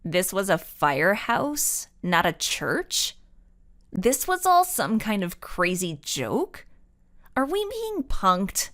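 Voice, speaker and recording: A woman voicing a polite, quick-witted young detective girl in a storybook, enunciating carefully. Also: medium pitch, very animated. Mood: polite, puzzled.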